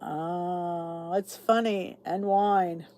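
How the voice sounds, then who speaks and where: A woman's voice: lowish voice, steady tone, drawn-out words, dark tone. A woman hosting her own channel, chatting casually with viewers and answering their comments. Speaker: YouTube channel host. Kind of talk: casual live chat with viewers.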